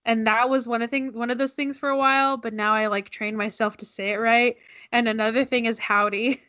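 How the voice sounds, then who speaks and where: A young woman co-hosts a podcast in casual, rambling chat. Her voice sits fairly high and sounds bright and forward. She laughs often and restarts her sentences. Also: fairly even intonation, a little fast. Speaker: podcast co-host.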